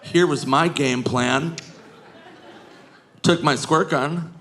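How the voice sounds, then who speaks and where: A man doing a stand-up comedy set on a club stage, jumping into shrieking high voices when he acts out drunk women. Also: slow, a bit bright. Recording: live club recording with crowd laughter.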